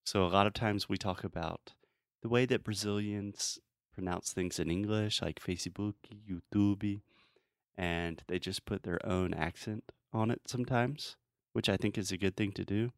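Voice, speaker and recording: A man with a fairly low, creaky voice teaches English pronunciation in an easy, casual manner. He models sounds slowly and patiently, laughing now and then. The audio is dry and close, with no room sound.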